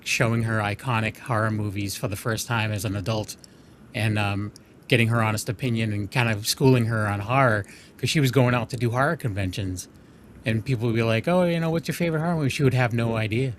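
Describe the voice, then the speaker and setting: A man's voice: fairly low pitch, fairly even intonation, brisk, a little hiss or hum. A man hosting a podcast interview who talks casually, peppering his sentences with fillers. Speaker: podcast host.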